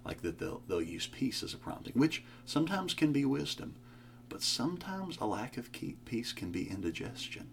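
A young man as a podcast guest, talking about faith in a casual chat, with animated, joking storytelling. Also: mid-range voice, moderate pace, creaky, a little hiss or hum. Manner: animated storytelling, jokey asides.

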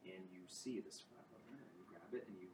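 A man narrating as game master of a tabletop game, with halting, restarting descriptions. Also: low-pitched. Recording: roomy, distant mic with clear background noise.

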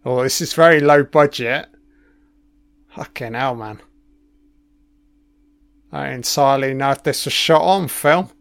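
A man's voice: medium pitch, unhurried, creaky, pauses often, a bit bright. A man giving a casual running commentary on a film. He swears constantly and makes wry, offhand remarks.

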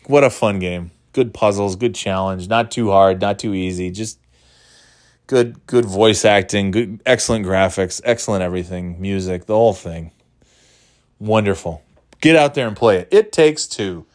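A man casually rambling about video games as a dad, cussing freely and breaking into loud mock quotes. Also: fairly low pitch, normal speed, no room sound, clean studio sound.

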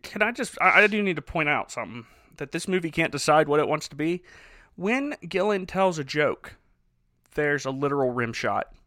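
A man with a bright, fairly high voice tells the plot of a bad movie in a wry, storytelling way. The sound is close and dry, with no room around it. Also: expressive, moderate pace, no echo. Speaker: podcast co-host recapping a movie. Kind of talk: casual comedic movie recap.

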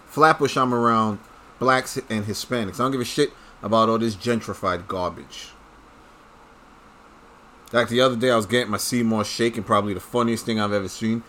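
A man's voice: mid-range voice, bright, forceful tone. Blunt, profane man ranting. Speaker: commentator. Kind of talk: casual ranting monologue.

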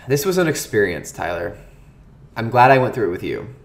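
Lively, blunt man reviewing movies. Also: on the low side, normal speed, gravelly. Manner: blunt, sarcastic, lively delivery. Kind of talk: casual movie review chat.

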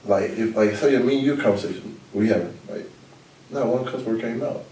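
Man, podcast host, blunt and animated, low voice, echoey room, mic set back. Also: recorded from a distance. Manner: blunt, animated, talks in quick bursts. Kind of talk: casual podcast chat.

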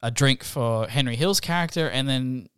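A man co-hosting a podcast, telling scenes in casual chat, animated and full of fillers. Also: mid-range voice, normal speed, smooth, no echo, clean studio sound. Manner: animated storyteller with many fillers. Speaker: podcast co-host.

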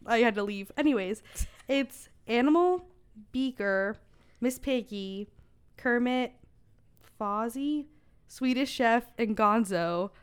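A young adult woman, a podcast guest, chatting casually and telling animated stories full of "like.". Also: on the high side, takes it slowly, long pauses, clean tone. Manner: animated storyteller, heavy use of "like". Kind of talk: casual chat.

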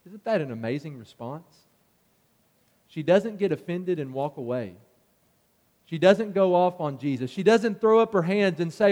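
A man's voice: expressive, normal speed, a little mellow, big-room sound. A man preaching a sermon, earnest and rising in force as he drives his points home. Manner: earnest, builds in pitch and force on key points.

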